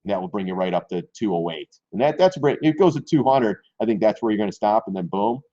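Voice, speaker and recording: A man hosting a live stream on stock trading, talking loosely and mocking himself, often clearing his throat. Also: fairly low pitch, lively intonation, fast talker, mellow, muffled recording. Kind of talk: casual live-stream market commentary.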